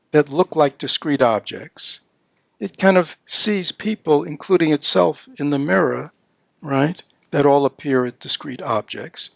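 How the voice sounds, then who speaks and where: An older man teaching the dharma in an unhurried, gravelly voice that sits a little high for a man. He keeps checking in with his listeners with little "you know"s and "right?"s. The sound is close and dry, with almost no room around it. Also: no room sound. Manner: voices playful baby-talk examples. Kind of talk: dharma talk at a retreat.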